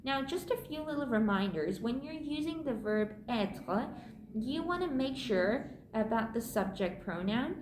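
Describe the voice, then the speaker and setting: A woman teaching a French grammar lesson, patiently repeating key points and slowing down to sound out the French words. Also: fairly high pitch, lively intonation, echoey room, background noise. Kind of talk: online language lesson.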